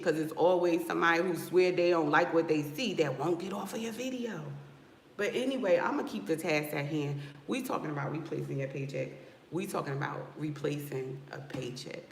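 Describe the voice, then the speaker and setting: A woman from Newark with a West Coast hip-hop inflected American accent, a loc stylist talking casually to her livestream viewers, sassy and animated. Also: sits low, gravelly, slight background noise. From Newark, New Jersey. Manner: sassy, animated, addresses viewers with "y'all" and "okay?". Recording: roomy echo with faint background ambience.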